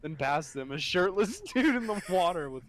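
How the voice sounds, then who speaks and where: A man's voice: sits high, very animated, normal speed. A young man in casual chat, telling a story full of swearing and laughing through his lines.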